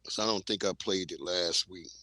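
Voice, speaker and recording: A man hosting a livestream offers casual commentary while playing clips, speaking in blunt, laid-back slang. He has a deep voice at a normal speed with a sharp tone, and the recording is rough but free of echo.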